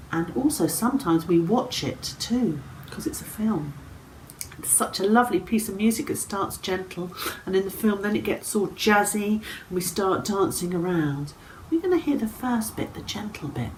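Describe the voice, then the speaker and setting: A woman presenting a story and song for young children, playful and animated, often dropping to a whisper. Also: medium pitch, slight background noise, low-quality recording. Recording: faint instrumental music behind.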